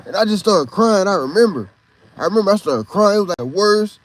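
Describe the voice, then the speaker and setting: A man's voice: high voice, animated, fairly quick. A man from Texas with a Texan accent, a podcast host telling a rambling, profane story in a casual monologue.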